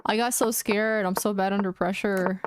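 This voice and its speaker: This young woman streams chess, muttering anxious, casual commentary to herself and repeating words as she plays. Her mid-range voice keeps a fairly even intonation at a normal speed, with slight background noise.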